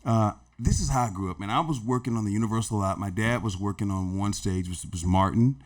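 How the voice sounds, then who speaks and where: A middle-aged man, a podcast guest, telling stories in a casual, animated and slangy way, often saying "man" and "bro". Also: on the low side, quick pace. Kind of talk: casual storytelling.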